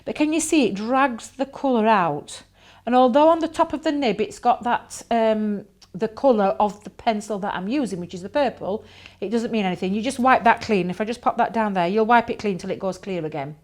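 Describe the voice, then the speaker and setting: A woman's voice: medium pitch, a little fast. A woman chatting enthusiastically as she demonstrates coloring techniques, thinking aloud as she works. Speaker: craft demonstrator. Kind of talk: live crafting demonstration.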